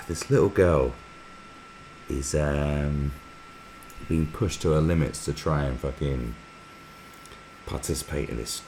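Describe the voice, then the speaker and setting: A man's voice: extremely low pitch, gravelly, darkish tone, a little hiss or hum. A man hosting a live stream, talking in a rambling, sweary way and often slipping into mocking impressions. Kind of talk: casual rambling commentary.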